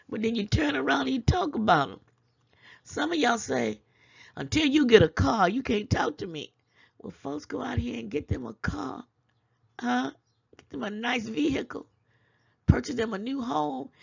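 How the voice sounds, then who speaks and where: A woman's voice: fairly low pitch, vocal fry, muffled recording. A woman hosting her own commentary channel, lecturing viewers with rhetorical questions and chuckling between points. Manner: preachy, scolding with rhetorical questions. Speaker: channel host. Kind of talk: casual commentary vlog.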